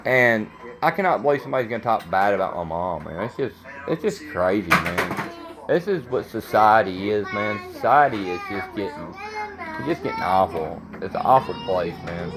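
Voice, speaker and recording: A man's voice: fairly low pitch, animated, moderate pace, a crowd in the background. A man in his thirties, a vlogger talking to camera in a blunt, rambling way, repeating himself. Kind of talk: casual rambling monologue to camera.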